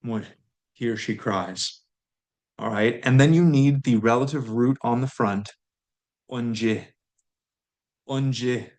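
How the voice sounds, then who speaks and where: A man teaching a recorded language lesson, explaining grammar in a relaxed way and repeating words slowly for learners. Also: mid-range voice.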